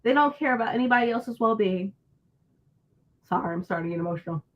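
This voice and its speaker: Higher-voiced woman ranting on a stream. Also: animated, fast, muffled recording. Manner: frustrated, ranting, swears freely. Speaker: book channel host reading live chat. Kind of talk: casual livestream chat.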